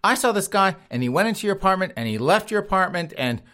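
A man's voice: high voice, sing-song, quick pace, bright, forceful tone, pitched above the performer's own voice, heavily acted. A man voicing a nosy neighbor who rambles on about what he saw, in a raised, lighter voice. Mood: eager. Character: gossipy nosy male neighbor.

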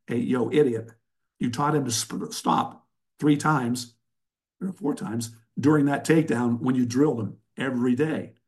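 Older male coach guest, emphatic, sarcastic, mid-pitched voice. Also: unhurried, a little mellow. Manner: blunt, emphatic, sarcastic storyteller. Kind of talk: instructional interview talk.

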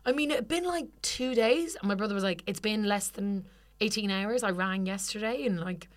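A woman's voice: mid-range voice, normal speed. A young woman co-hosting a podcast, telling a funny story in casual chat, swearing freely and acting out the people in it. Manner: animated, swears freely, acts out quoted people. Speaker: podcast co-host.

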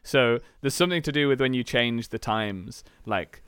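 A man fumbling through explanations in a relaxed group chat. His speech is sheepish and self-deprecating, full of restarts and "like". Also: mid-range voice, moderate pace, clean tone, dry recording, clean studio sound. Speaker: podcast co-host. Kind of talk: casual panel chat.

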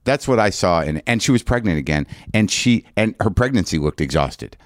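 A man hosting a podcast, telling a long comic story in an animated, profane, self-mocking way. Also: low-pitched, fairly quick, no echo, studio quality. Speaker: podcast host.

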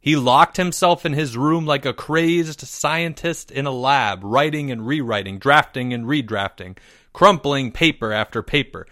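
A man reading a story aloud in a measured, expressive way. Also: medium pitch, no echo, clean studio sound. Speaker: narrator.

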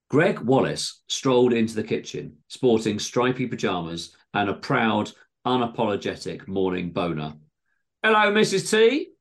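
A man with a very low voice reads a comic short story aloud. His delivery is dry and measured, letting the jokes land on their own. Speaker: comedy podcast host.

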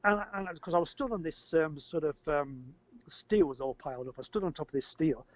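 An older man tells a story as an interview guest, rambling, repeating words and getting animated when he acts out shouting. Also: a little high, a little fast. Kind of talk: casual storytelling. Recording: dry, slightly muffled audio.

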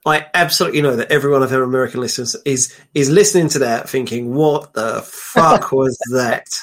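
A man's voice: medium pitch, fairly quick, fairly bright tone. A man who is a guest on a podcast, bantering with wry, teasing remarks over a video call. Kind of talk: casual banter.

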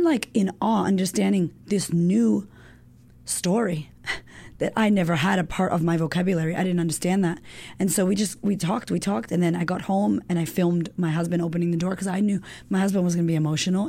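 A woman in her thirties, a women's coach, talking as a guest in an animated, emotional way, full of fillers and the odd swear word. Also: on the low side, brisk. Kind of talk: casual chat.

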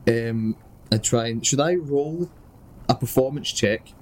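A man's voice: medium pitch, a little slow, a little mellow, a little hiss or hum. Chatty man at a game table. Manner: playful, chatty. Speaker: player. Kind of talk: casual tabletop game chat.

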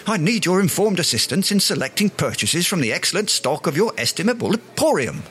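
A man's voice: high-pitched, big pitch swings, fairly quick, fairly bright tone, soft background music. An actor playing a pompous, self-important Englishman in a radio sitcom, speaking in flowery words. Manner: grandiloquent, long-winded, flowery words.

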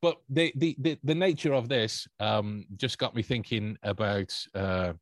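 A man hosting a podcast in casual chat, talking in halting bursts with many restarts and chuckles. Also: medium pitch, no echo. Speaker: podcast host.

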